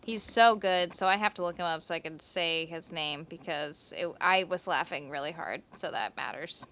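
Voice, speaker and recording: A woman's voice: low-pitched, normal speed, sharp tone. A woman co-hosting a podcast in casual chat, giggly and swearing casually. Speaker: podcast co-host.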